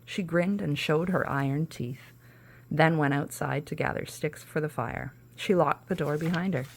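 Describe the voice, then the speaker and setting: Low, gravelly woman reading a storybook. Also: moderate pace. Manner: storybook narration with casual asides. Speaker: podcast host. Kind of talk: reading a children's storybook aloud.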